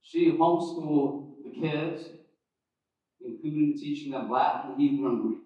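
Man, preacher, teaching sermon, chatty with restarts and asides, slightly high voice, heavy church echo. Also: steady tone, unhurried, mellow. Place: church sanctuary. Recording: echoey, distant, dull church recording.

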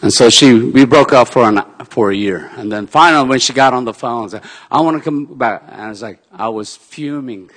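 A man preaching, telling a personal story in an animated way, swinging from shouts down to soft, quiet lines. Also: mid-range voice, brisk, hardly any pauses, in a large hall. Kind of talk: sermon storytelling.

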